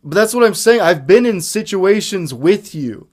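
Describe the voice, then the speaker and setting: A man with a fairly high voice, co-hosting a casual podcast. He swears freely, cuts himself off and restarts, and his sentences often trail away. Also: animated, moderate pace. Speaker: podcast co-host. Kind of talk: casual chat.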